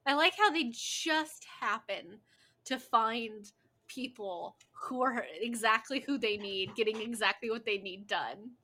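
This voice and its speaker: A woman's voice: on the high side, a little slow, pushed and bright. A woman chatting casually while watching a movie, playful and laughing often. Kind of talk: casual watch-along chat.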